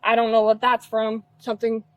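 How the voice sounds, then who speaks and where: A woman's voice: a little high, flat delivery, a little fast, dry recording, low-quality recording. A nineteen-year-old woman emphatically recounting a fight to a police officer, upset and blunt, recorded outdoors on a body camera. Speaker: witness in a police call. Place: outdoors at a residence.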